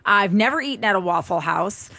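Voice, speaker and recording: A woman's voice: medium pitch, lively intonation, a little fast, sharp tone, dry recording. A woman co-hosting a radio talk show, chatty and playful with a self-deprecating streak. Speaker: radio co-host. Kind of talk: casual on-air chat. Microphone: studio microphone.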